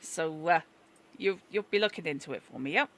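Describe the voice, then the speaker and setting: A woman doing a gruff Yorkshire businessman. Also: low-pitched, animated, fairly quick, a bit bright. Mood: businesslike. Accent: put-on Yorkshire. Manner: brusque, hesitant haggling with "uh"s. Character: gruff self-made Yorkshire businessman, older man.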